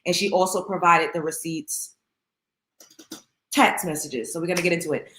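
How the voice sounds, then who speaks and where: A woman hosts a casual livestream and chats freely, greeting her viewers by name. Her voice is bright and forceful, and it rings in an echoey room. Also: fairly low pitch, fairly even intonation, moderate pace, slight background noise. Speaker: host.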